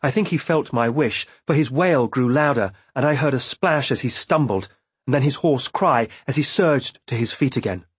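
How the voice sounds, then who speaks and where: A man reading a novel aloud in first person with measured, steady storytelling. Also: mid-range voice, husky, dry recording. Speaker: audiobook narrator. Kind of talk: scripted first-person narration.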